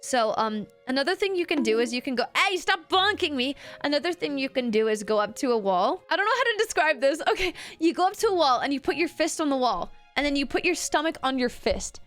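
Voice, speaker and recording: Woman, streamer, casual voice lesson, rambling, slightly high voice, faint background music. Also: big pitch swings, quick pace, few pauses. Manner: chatty, rambling, dips low to demonstrate. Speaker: streamer teaching voice acting. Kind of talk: casual livestream chat.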